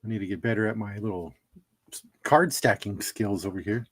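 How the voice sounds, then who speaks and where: A man's voice: on the low side, fairly quick, a bit bright. A middle-aged man hosting a casual livestream, chatting and laughing at his own jokes while opening trading cards.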